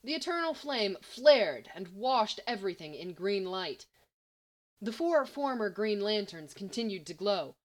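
A woman with a medium-pitched voice reads fan fiction aloud as narration, keeping her delivery measured and even.

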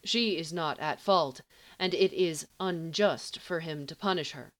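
Woman reading a story, low-ish voice. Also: a little slow. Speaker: narrator.

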